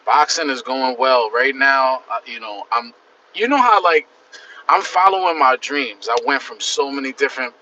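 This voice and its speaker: A man's voice: medium pitch, normal speed, pushed and bright, recorded from a distance, a little hiss or hum. A young man chatting casually and rambling on his livestream, full of slang. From the Bronx, New York. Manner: rambling, slangy, laid-back. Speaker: livestream host. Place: out and about in the city. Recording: dull phone audio from off-mic.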